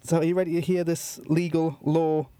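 A man's voice: on the high side, flat delivery, moderate pace, warm tone, clear, resonant tone, dry recording. A man in his twenties hosting a comic radio quiz, rambling and self-deprecating with frequent laughs. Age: 20s. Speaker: radio host.

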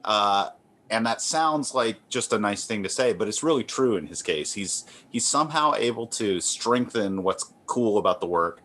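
A man with a somewhat low voice speaks as a guest in a relaxed interview. He rambles gently and runs his thoughts through plenty of fillers, restarts and modest asides. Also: moderate pace, a little hiss or hum. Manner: rambling, self-deprecating, many fillers and restarts. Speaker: comic artist guest.

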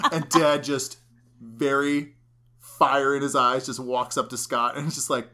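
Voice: mid-range voice, measured pace, bright, forceful tone. A podcast co-host recapping a movie scene by scene in casual chat, acting out the characters' lines.

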